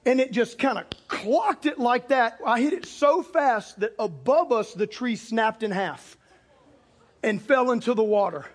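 A man with a strikingly high voice preaches to a congregation, telling a story from the pulpit. He talks animatedly and breaks into loud shouts for emphasis. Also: unhurried. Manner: animated, bursts into shouts for punchlines. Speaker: pastor. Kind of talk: storytelling sermon. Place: church or auditorium with a live congregation.

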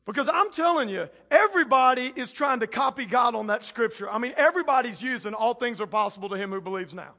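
A pastor with a strikingly high voice gives a conversational sermon. He retells scripture in plain speech and acts out the characters as he goes. His delivery shifts between hushed moments and loud, emphatic ones.

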